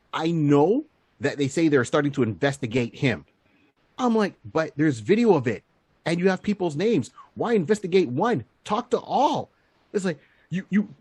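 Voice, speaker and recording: A man's voice: on the high side, slightly rough, no echo. A man co-hosting a comedy podcast, chatting casually, laughing a lot and acting out the voices of people he quotes. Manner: animated, laughing often, acts out quoted voices.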